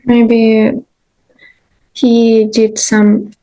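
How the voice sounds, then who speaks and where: A woman student answers her teacher slowly and with hesitation, her voice slightly high. She speaks over a video call during an online lesson. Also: monotone, mellow, low-quality recording.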